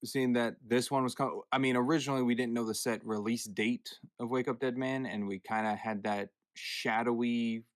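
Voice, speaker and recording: Man, podcast host, casual chat, self-correcting, mid-pitched, dry close sound. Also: steady tone, normal speed, few pauses, no echo. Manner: chatty, self-correcting, moderates turns.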